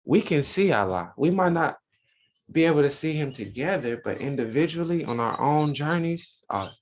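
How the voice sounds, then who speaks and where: A man's voice: fairly high pitch, expressive, moderate pace. A man teaching a religious Sunday school lesson, preaching with lots of rhetorical questions to his listeners.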